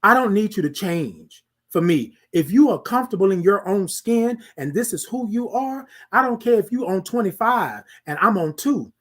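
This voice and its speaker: High-voiced man in lively casual monologue. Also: moderate pace, few pauses. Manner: animated, preachy, asks listeners "y'all feel me". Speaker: podcast host.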